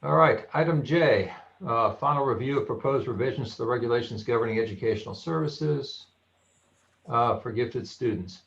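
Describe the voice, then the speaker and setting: A man chairing a public board meeting, speaking in a measured, conversational way. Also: mid-range voice, creaky, fairly bright tone. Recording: dull audio with faint noise.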